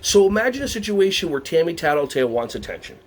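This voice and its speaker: An animated man presenting a workshop for teachers, his voice sitting slightly high. He questions the audience and jumps into playful voices when he acts out what others say. Faint ambience hums under the recording. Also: quick pace, a little hiss or hum. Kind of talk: lively teacher workshop talk.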